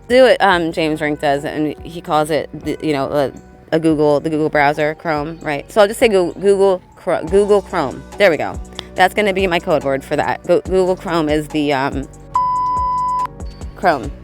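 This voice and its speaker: A woman with a fairly low voice talks casually outdoors, scattered and profane, drifting from point to point. Soft music plays faintly beneath her. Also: moderate pace. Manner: scattered, swearing, laughs often, talks to birds around her. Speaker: spiritual vlogger. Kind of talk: rambling casual monologue. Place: outdoors among birds.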